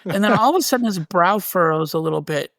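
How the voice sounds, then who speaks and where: A man, a guest on an interview show, telling a story in an animated way and acting out what was said. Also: high voice, fast talker, creaky, no room sound. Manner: animated, restarts and reenacts dialogue. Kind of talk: storytelling in conversation.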